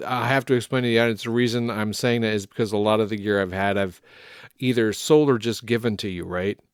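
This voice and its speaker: Smooth voiced host guy, dry close mic, jumps in to keep things moving. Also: fairly low pitch, steady tone, fairly quick, no echo. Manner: friendly interjecting host, steering the talk. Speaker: podcast host. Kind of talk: casual chat.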